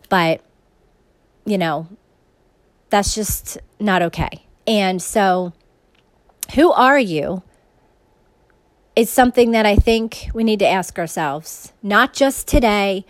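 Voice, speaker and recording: Woman, 30s, podcast host; earnest, rambling reflective monologue; mid pitch, dead dry room. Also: dry recording. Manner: earnest, rambling with frequent "like" and restarts.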